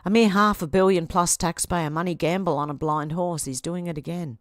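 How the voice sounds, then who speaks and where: A woman's voice: on the low side, steady tone, normal speed, dry recording, clean studio sound. An Australian woman hosting a livestream, reading social media posts aloud and answering them with sarcastic asides. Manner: sarcastic, talks back at posts. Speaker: livestream host.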